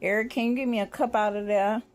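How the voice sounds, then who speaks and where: A woman's voice: medium pitch, fairly even intonation, fast talker, a little mellow. A woman rambling in a casual vlog, swearing freely, laughing often and quoting what she and others said. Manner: profane, laughing, quoting herself in asides. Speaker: vlogger.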